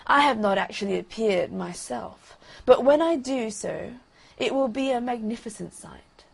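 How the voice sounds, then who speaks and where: A woman voicing a vain, haughty male firework rocket in a bedtime story reading, pompous and loudly declaiming. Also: a little high, expressive, unhurried, gravelly, slightly rough, full character voice. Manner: pompous, self-admiring, loud declaiming.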